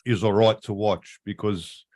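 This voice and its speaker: A man, his voice sitting a little low, chatting loosely on a livestream. He swears constantly, laughs a lot and keeps calling people mate. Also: fairly even intonation, a little slow, dark tone. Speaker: livestream co-host. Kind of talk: casual chat.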